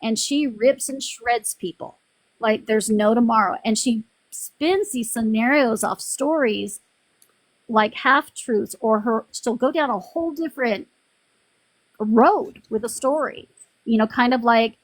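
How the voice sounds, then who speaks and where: A woman with a fairly high voice speaks unhurriedly, with no echo, while hosting a livestream. She vents casually, rambling in a frustrated way and restarting often.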